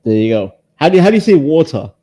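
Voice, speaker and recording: Animated man, mellow tone. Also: fairly high pitch, fast, breathy edge. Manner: playful, teasing, stammers when starting. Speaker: panel guest. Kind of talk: casual group chat on a live panel.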